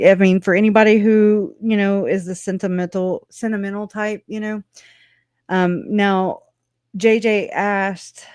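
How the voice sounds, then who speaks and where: Rambly streamer talking at the computer from home, middle pitch, dry sound, swears a bit and laughs a lot. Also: darkish tone, clean tone, no echo. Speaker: livestream host. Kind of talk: casual livestream commentary.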